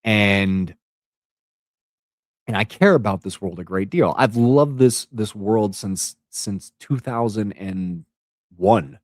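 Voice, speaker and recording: Man in his thirties, low voice, dry close sound, emphatic vlog rant, keeps repeating words to hammer a point. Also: animated, slow pace, no echo. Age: 30s. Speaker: content creator. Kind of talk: unscripted rant.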